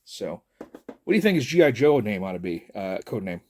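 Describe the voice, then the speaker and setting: With a lowish, darkish voice full of big pitch swings, a middle-aged man talks at normal speed. He's a toy reviewer chatting casually and jokily, rambling and leaning heavily on fillers.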